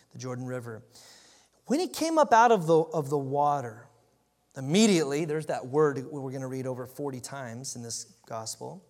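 Emphatic, animated man preaching a sermon. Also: a little high. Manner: animated and emphatic, with frequent restarts. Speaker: pastor. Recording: long reverb in a large hall.

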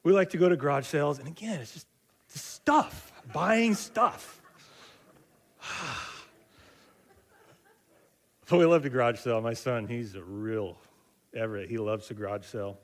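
Speaking at a measured pace and pausing often, a middle-aged pastor delivers a sermon through casual storytelling full of fillers and restarts. His voice is mid-range, and he performs the quoted voices of characters in dialogue.

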